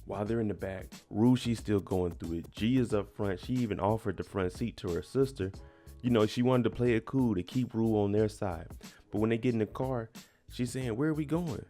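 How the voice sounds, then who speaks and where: Low-voiced man recapping a TV episode. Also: moderate pace, mellow, faint music behind. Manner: chatty, emphatic retelling with slang and little laughs. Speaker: TV recap host.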